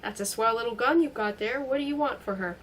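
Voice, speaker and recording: A woman reading a novel aloud, putting on a blustering, rambling man with a high, hoarse voice and a strangely feminine manner. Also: fast talker, a bit bright, distant mic, slight background noise, close to an everyday voice. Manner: drawling, mocking, rambling. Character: fussy, blustering middle-aged man in a fog.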